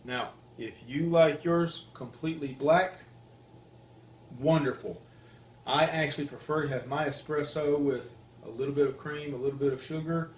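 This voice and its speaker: A man's voice: on the high side, moderate pace, reverberant, a little hiss or hum. A man with a Southern US accent, chatting casually as he explains each step of making coffee on his own show. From Deep South, US. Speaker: host, coffee reviewer. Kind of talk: casual demonstration chat.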